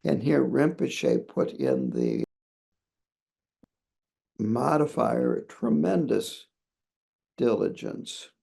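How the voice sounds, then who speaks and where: A man, a Buddhist lama, explaining a scripture line by line in a measured, pausing way. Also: mid-range voice, wildly swooping pitch, vocal fry, mellow, slightly rough. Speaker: Buddhist lama teaching a text. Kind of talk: commentary on a scripture.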